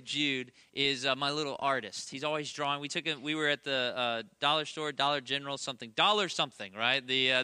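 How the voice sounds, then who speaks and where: A man's voice: fairly high pitch, sharp tone, smooth, no room sound, studio quality. A man in his thirties preaching a conversational sermon, earnest, with emphatic repetition and self-deprecating humor. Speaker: pastor.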